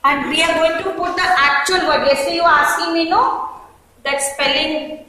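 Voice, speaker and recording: A woman with an Indian English accent training student teachers, giving brisk directions and often checking that they follow. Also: sits high, bright, forceful tone. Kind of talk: classroom instruction. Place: classroom. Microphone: far camera mic. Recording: echoey classroom from far off, faint noise.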